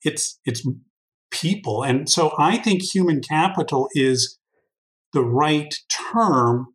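A man's voice: fairly high pitch, animated, slow pace, poor audio. A man answering interview questions at length in a thoughtful, conversational way, with frequent restarts and fillers. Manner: thoughtful, long-winded, many restarts and fillers. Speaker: guest expert on workforce intelligence.

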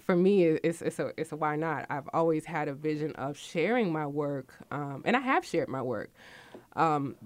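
A woman in her forties hosting a radio talk show, chatting candidly and openly about her life and work. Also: no room sound. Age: 40s. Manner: chatty and candid, lively with sudden high bursts. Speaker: radio host.

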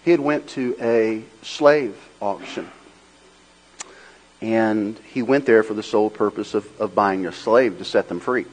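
A man preaching a sermon. He swings between loud, rhythmic, repeated phrases and a low, quiet storytelling tone, over faint music. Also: unhurried, low-quality recording. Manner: swells into loud, rhythmic repetition. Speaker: pastor.

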